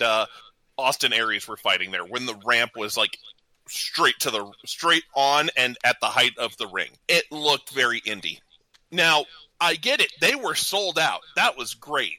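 A man's voice: medium pitch, sharp tone, low-quality recording. A man co-hosting a casual wrestling talk show, rambling and self-deprecating. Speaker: co-host, the intern.

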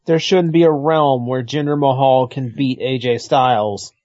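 A man speaks bluntly and mocks what he talks about in a casual wrestling chat. His voice has a middle pitch. The recording sounds dull and dry. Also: steady tone, moderate pace, a little mellow, no room sound. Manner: blunt, mocking.

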